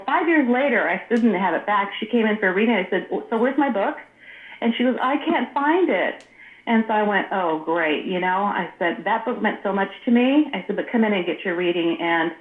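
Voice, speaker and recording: A woman co-hosting a radio talk show by phone, telling stories in a lively way and acting out the voices she quotes. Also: mid-range voice. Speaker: radio co-host. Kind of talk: casual chat. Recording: tinny echoey phone line.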